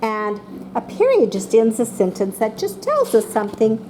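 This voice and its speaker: A woman teaching a class of young children, speaking slowly and patiently and calling on each child by name. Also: on the high side, noisy background. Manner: slow and patient, calling on children by name, voicing excited examples.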